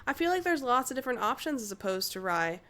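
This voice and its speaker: A woman's voice: fairly high pitch, big pitch swings, fast talker, sharp tone. Giggly, playful woman streamer. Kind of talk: casual game commentary.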